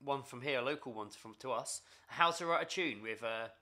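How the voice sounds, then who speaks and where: Chatty English podcast co-host, bright tone. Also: male voice, medium pitch, a little fast. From England. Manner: relaxed, chatty, fond of shout-outs and lists. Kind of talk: casual chat. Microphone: studio microphone at a table.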